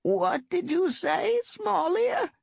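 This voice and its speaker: A man voicing a half-deaf, half-blind old she-cat elder, talking high and strained. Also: very animated, slow, vocal fry, no room sound, exaggerated voice. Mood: puzzled, reminiscing.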